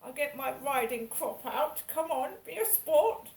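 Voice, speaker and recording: A woman's voice: high voice, lively intonation, a little slow, darkish tone, distant mic. A woman mimicking a posh, pushy stranger with a plummy, coaxing voice. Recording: echoey room.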